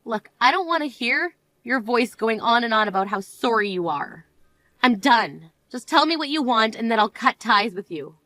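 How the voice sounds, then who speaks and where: A self-assured young bride, played by a woman, speaking high and firm without backing down. Her tone stays clear and direct. Recorded dry and close to the mic. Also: lively intonation, moderate pace, pushed and bright, dry recording. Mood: cool firm. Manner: indignant, then cool and firm. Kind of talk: amateur voice drama.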